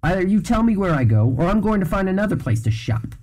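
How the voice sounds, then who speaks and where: A man's voice: high-pitched, sing-song, fast talker, darkish tone, voice pushed up. A man reading aloud and voicing an irritable, wary teenage boy who answers in a snappy, exasperated way.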